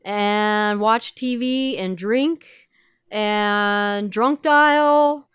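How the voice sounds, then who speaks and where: Chatty woman with a smooth, clear voice. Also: medium pitch, very slow, fairly bright tone, no echo, studio quality. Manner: chatty and self-mocking, laughs often, many fillers. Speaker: guest. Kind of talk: candid recovery podcast talk.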